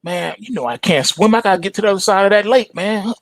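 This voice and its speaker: A man voicing a sly, smooth-talking male scorpion in slangy street talk, in a retold fable. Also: high-pitched, fast, no room sound, clean studio sound, voice pushed up. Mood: coaxing.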